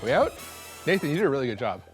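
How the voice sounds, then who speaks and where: Young guy hosting a cooking show, super hyped, rambly jokes, kinda high voice, faint music behind. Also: very animated, rapid-fire. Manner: hyped, rambling, joking, laughing between lines. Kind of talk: casual on-camera cooking chatter. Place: studio kitchen.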